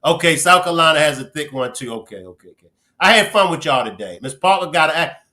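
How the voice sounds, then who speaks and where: A man's voice: high voice, sing-song, moderate pace, bright, forceful tone. A man with a Baltimore accent hosting a casual live stream, joking playfully with viewers and reading their names aloud. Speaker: livestream host. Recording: roomy echo.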